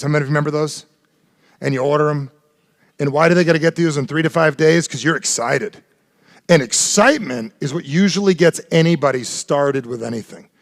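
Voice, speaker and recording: A man giving a live motivational seminar talk, animated and blunt, swearing freely and keeps asking the audience questions. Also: medium pitch, no room sound, studio quality. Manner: animated, blunt and profane, keeps quizzing the crowd. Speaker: motivational speaker.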